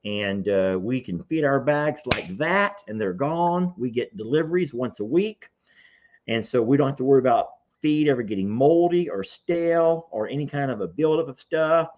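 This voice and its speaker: Animated man, farm livestream host, reading comments; muffled lo-fi computer-mic audio. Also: medium pitch, moderate pace. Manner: animated, chatty, reads comments aloud. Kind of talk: casual livestream chat. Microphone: computer microphone.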